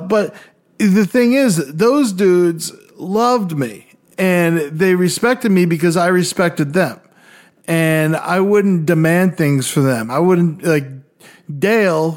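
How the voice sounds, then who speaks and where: A young man co-hosting a podcast, telling stories casually in an animated, profane way and acting out other people's voices. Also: sits high. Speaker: podcast co-host. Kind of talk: casual storytelling.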